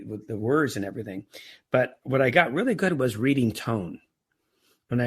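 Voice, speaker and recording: A man's voice: mid-range voice, husky. A middle-aged man talking casually as a podcast guest, often restarting and repeating words. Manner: frequent restarts and stammered repeats. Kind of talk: casual interview talk.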